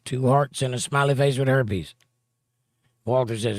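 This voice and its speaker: Speaking at medium pitch and normal speed, this livestream host reads out viewers' comments and chats back easily. The studio-quality audio has no echo.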